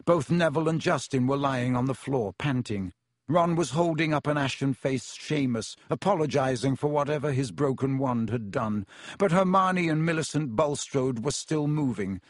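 A man's voice: medium pitch, no room sound. Man narrating an audiobook, dry close sound. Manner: measured storytelling with voiced characters.

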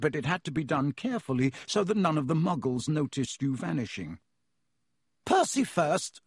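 A man reading a storybook aloud in a measured, vivid narration. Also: on the high side, breathy edge, no room sound, studio quality. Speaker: audiobook narrator.

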